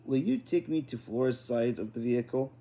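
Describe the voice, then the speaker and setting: A man's voice: medium pitch, a little fast, creaky, warm tone, close to an everyday voice. A man voicing a dramatic, overly polite boy in a storybook reading, his speech stiff and formal. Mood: earnest.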